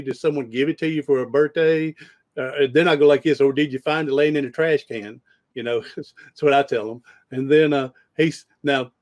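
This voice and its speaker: A man's voice: fairly high pitch, a little mellow. A man hosting a podcast, telling rambling stories in casual conversation with frequent restarts. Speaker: podcast host.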